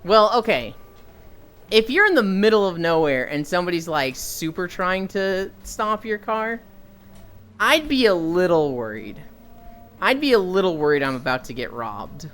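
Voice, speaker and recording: A woman's voice: on the low side, big pitch swings, normal speed. A woman streamer chatting with viewers, telling stories, swearing freely and acting out the people in them. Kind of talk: casual chat with viewers.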